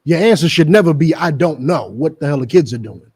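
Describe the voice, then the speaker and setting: A man's voice: a little high, lively intonation, brisk, a little mellow, husky. A middle-aged man with a New Jersey accent, preaching a street sermon in an emphatic, repetitive way with mocking asides.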